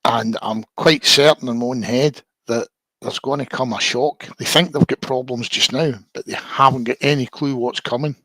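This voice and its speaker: A man at a middle pitch chats calmly as a guest on a stream. He is measured and pokes fun at himself. His voice sounds dry and close, with no room echo. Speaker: guest on a livestream. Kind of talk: casual chat.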